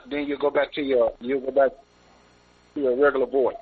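A male caller on the phone, chatting casually and a little haltingly. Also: medium pitch, steady tone, breathy edge. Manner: friendly, halting, fillers. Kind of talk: casual chat. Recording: tinny phone line.

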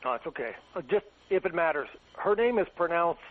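A soft-spoken man on a talk show, gently and politely correcting the host. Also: a little high, animated, fairly quick, few pauses, phone-quality sound, a little hiss or hum.

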